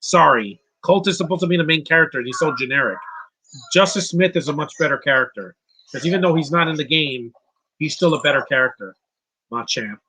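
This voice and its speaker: Husky, bright-voiced man riffing on a movie. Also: on the high side, a little fast. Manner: chatty and opinionated, reads viewer questions aloud and answers; rambling with frequent restarts and laughs. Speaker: host of a live movie commentary stream. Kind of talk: casual live movie commentary.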